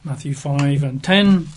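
A man's voice: fairly high pitch, slightly rough. A man giving a conversational Bible teaching, chatty and wry, with frequent fillers.

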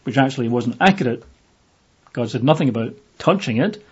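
A man teaching from the Bible in a relaxed, conversational way, with lots of fillers, sometimes acting out the voices in the passage. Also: mid-range voice, fairly quick, slightly rough. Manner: conversational, with many fillers, acts out voices in the reading. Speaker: preacher. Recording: dull lo-fi audio.

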